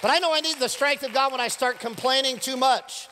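A middle-aged man preaching a sermon as pastor, animated and joking with the congregation. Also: extremely high pitch, a little fast, a faint crowd, slight background noise. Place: church sanctuary. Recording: live church sermon with long reverb.

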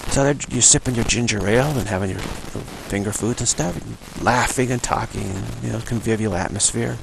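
Gravelly low-voiced man in heavy noise. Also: brisk, few pauses. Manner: rambling, acts out dialogues. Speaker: spiritual teacher. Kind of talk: informal spiritual talk. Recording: loud background noise.

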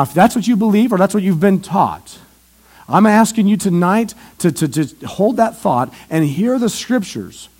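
A man preaching an evangelistic sermon in a church, asking questions and answering them, swinging from loud emphasis to hushed asides. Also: high voice.

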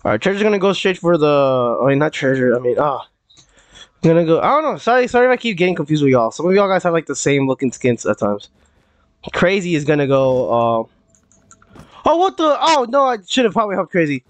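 This young gaming streamer talks briskly in a sing-song way during casual live-stream chat, rambling and repeating himself with many fillers such as "like" and "uh" and lots of restarts. His voice is a bit high for a man, and the sound is close, dry and echo-free.

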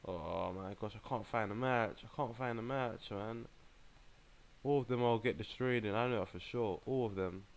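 A young man, giving a casual running commentary as he plays a mobile game, reacting in an exasperated, excitable way with plenty of slang. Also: lowish voice, normal speed. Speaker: gaming channel host.

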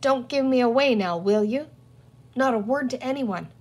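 A woman's voice: a little high, normal speed, darkish tone, slightly rough. A woman reading a storybook aloud and voicing a sly, theatrical male pirate villain with a mock-courtly, gloating manner.

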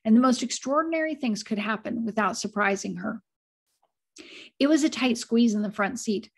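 A woman's voice: a little high, breathy edge. A middle-aged woman reading a chapter book aloud to children, stopping now and then to chat with them and explain things. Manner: chatty, breaks off to explain and show pictures. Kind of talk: read-aloud storytelling with asides to listeners.

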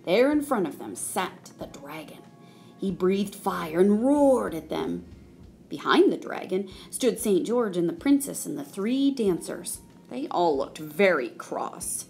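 A woman reading a children's story aloud in a slow, expressive way. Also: fairly low pitch, vocal fry, faint music behind. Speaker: storybook reader.

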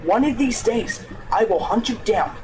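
Eastern Canadian man, high-pitched for a guy, repeating profane threats, heard through a noisy old webcam recording. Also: lively intonation, normal speed. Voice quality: odd-sounding voice. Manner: profane, repetitive, menacing. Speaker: video maker in an old clip. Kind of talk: angry threatening webcam rant.

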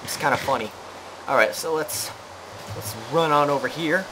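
A gaming channel host with a voice on the high side plays through a let's play at a moderate pace. He rambles, jokes, and mocks himself while talking to himself as he plays. Background noise is clearly audible.

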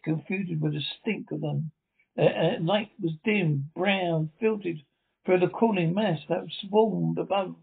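A man's voice: on the high side, creaky, breathy edge. A man reading a radio drama script aloud, stage directions included, stumbling now and then. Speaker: script reader. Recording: tinny phone-like sound.

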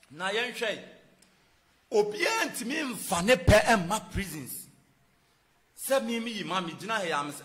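A man from Ghana giving a spoken lesson to viewers, emphatic and rhetorical, swinging between loud stressed points and hushed asides. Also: a little high. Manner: rhetorical, asks and answers his own questions. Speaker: church presenter teaching about prisons.

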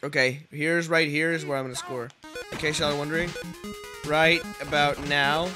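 A man giving casual, rambling commentary while playing a football video game, swearing and yelling at the screen. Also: fairly high pitch, little pitch movement, normal speed, music in the background. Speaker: let's play host.

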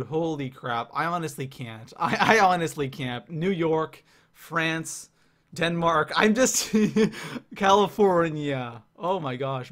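A young man from Canada hosting a live game stream, excitedly reading the chat out loud. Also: a little high.

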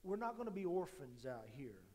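A male pastor delivering a sermon in a fairly high voice. He surges to loud, emphatic peaks and then drops to soft, intimate asides, often doubling back on a word as he restarts a phrase. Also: sing-song, normal speed. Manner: dynamic, swinging between loud emphatic lines and quiet intimate asides; repeats words as he restarts phrases.

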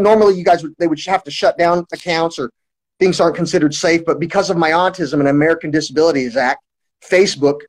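A man's voice: fairly high pitch, rough recording. A man talking to his livestream viewers in a long, rambling monologue, full of restarts and swearing. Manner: repetitive restarts, heavy swearing.

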